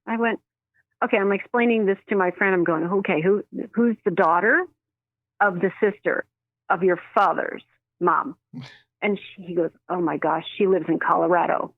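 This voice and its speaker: A woman who works as a medium, telling stories in an animated way and acting out the voices in them. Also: fairly low pitch, moderate pace, dry recording. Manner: animated, acts out quoted voices, laughs often. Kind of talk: storytelling in a phone interview. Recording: dry tinny phone line.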